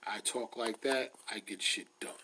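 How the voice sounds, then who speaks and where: A man hosting his podcast, ranting loudly and emphatically in a casual comedic way, repeating himself for effect. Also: fairly low pitch, normal speed, slight background noise. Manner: loud, emphatic, repetitive. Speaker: podcast host.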